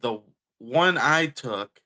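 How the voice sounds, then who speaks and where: A man's voice: mid-range voice, expressive, slow pace, sharp tone. A man co-hosting a podcast in casual, joking chat. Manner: joking, chewing on a candy while talking. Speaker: podcast co-host.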